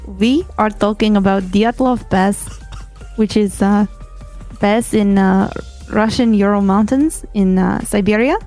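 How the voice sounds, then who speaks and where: A woman's voice: medium pitch, a little slow, a little mellow, faint music behind. Loose, giggly woman co-hosting a podcast. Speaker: podcast co-host. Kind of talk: casual podcast chat, telling a story from notes.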